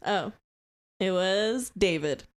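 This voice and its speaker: A woman's voice: mid-range voice, slow pace. A woman co-hosting a podcast, reading out captions in casual chat and often breaking into giggles. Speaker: podcast co-host.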